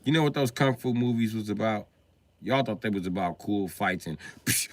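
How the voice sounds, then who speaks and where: Animated, profane man ranting on stream. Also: lowish voice, normal speed, dry recording. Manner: animated, profane ranting, laughs at his own jokes. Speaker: livestream host. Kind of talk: casual livestream chat.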